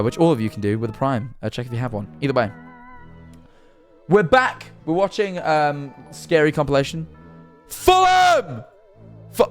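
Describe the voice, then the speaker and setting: Rambling, sweary male streamer. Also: medium pitch. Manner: rambling, sweary, jumpy and quick to laugh. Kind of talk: casual livestream chat.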